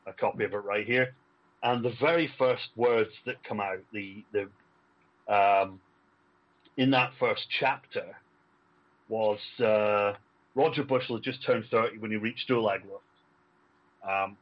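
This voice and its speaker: Husky man on a dull line. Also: fairly low pitch. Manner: friendly, chuckling often, agreeable. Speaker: podcast guest, relative of a war escapee. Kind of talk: casual chat.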